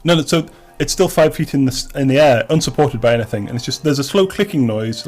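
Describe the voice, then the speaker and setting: A man's voice: mid-range voice, brisk, darkish tone, faint music behind. A man narrating as game master of a tabletop game, rambling with many restarts and fillers.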